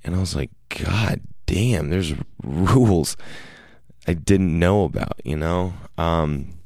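A man's voice: deep voice, measured pace, vocal fry, a little mellow, no echo, studio quality. A man telling a long casual story, rambling with many fillers and restarts and quoting people in raised voices.

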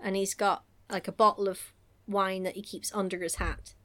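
Her mid-range voice is fairly bright, level in tone and moderately paced. She's chatting casually on a podcast while recapping a film, giggling and performing lines in silly voices.

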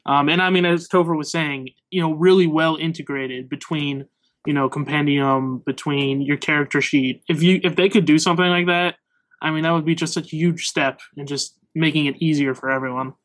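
A man with a slightly raised pitch talks on a casual panel, halting often and stacking fillers as he searches for his point. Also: fairly even intonation, fairly bright tone. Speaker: panel guest.

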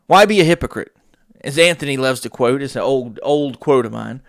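A man hosting a podcast, telling a workplace story in an animated way and acting out the voices of the people in it. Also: medium pitch, a little fast, gravelly, no echo, clean studio sound. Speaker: podcast host. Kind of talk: storytelling monologue.

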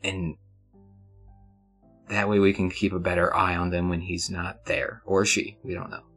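A man's voice: sits low, flat delivery, unhurried, a bit bright, husky, soft background music, exaggerated voice. A man voicing a serious woman gang leader who gives orders in a businesslike way, with hesitant restarts.

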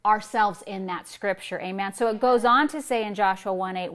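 A woman's voice: medium pitch, moderate pace, hardly any pauses, a bit bright. A woman pastor giving a sermon, preaching emphatically with repetition and rhetorical questions.

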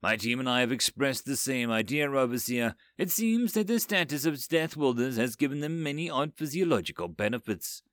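A man's voice: medium pitch, expressive, normal speed, hardly any pauses, a bit bright, dry recording, lightly acted. Cheerful robot researcher, explains keenly, read by a male narrator, dry close mic. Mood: eager. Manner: eager, explanatory. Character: curious, cheerful machine scientist studying humans.

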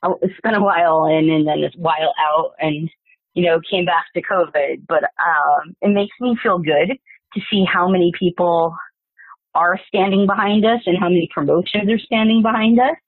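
A woman's voice: fairly low pitch, moderate pace, no room sound. A woman guest talking bluntly and with plenty of swearing in a casual interview, telling stories from her time in wrestling. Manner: blunt, profane, fired-up storytelling. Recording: dry phone-like remote call audio.

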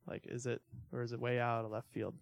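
A young man gives a relaxed church talk, loose and chatty, with fillers and small laughs scattered through. His voice sits at an ordinary middle pitch. The sound is close and dry, with no room around it. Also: fairly quick, vocal fry, no echo. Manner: conversational, filler-heavy, self-deprecating laughs. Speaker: church teacher. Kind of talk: casual teaching talk.

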